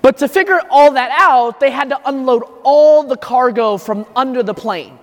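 A man's voice: extremely high pitch, moderate pace. A priest speaks from the front of a church, his homily loose and conversational as he tells a personal story. Each sentence trails off into a long, echoing reverb from the hall around him. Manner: conversational storytelling, thinking aloud. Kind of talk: homily at Mass.

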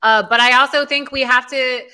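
A female panelist with a bright, sharp voice, venting frustration about the play calling on a post-game show. Her complaints come in rapid, pointed questions. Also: high voice, fairly even intonation.

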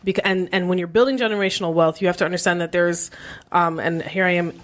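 A woman from Canada, a guest author and property manager, talking candidly on a panel with slang and animated storytelling. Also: fairly low pitch, fast talker. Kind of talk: casual panel chat.

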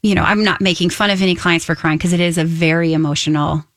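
Chatty low-voiced woman radio co-host. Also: fairly even intonation, no room sound. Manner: chatty, quick when clarifying, many agreeing backchannels. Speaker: nutritionist co-host. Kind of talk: radio show chat.

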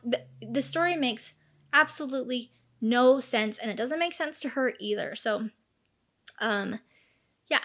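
Recounting a true crime case, a woman in her thirties stays chatty and casual, full of fillers, and performs the quoted dialogue. Her pitch is fairly high and her tone a bit bright.

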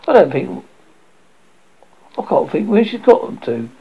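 A boastful boy adventurer, put on by a storyteller reading aloud, chatty and eager. His voice rises and falls a lot with a rough, gravelly grain. The recording is dull and lo-fi. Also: mid-range voice, sing-song, unhurried, voice pushed up, heavily acted. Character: boastful boy hero, lively and cocky.

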